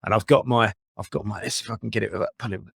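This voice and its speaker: A man co-hosting a casual podcast chat, halting and often repeating his words. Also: fairly low pitch, fairly even intonation, gravelly, fairly bright tone, slightly rough, no echo, studio quality. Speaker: podcast co-host.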